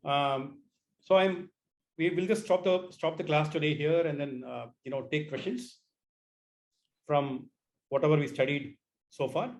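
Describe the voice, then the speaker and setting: A man's voice: on the high side, unhurried, pauses often. Man teaching an online class. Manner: repeats words, asks students to try sounds.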